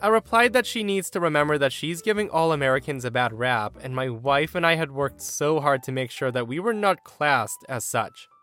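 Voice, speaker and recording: A man reading an online story aloud in an animated, emphatic way. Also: a little high, normal speed, hardly any pauses, soft background music. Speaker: story narrator.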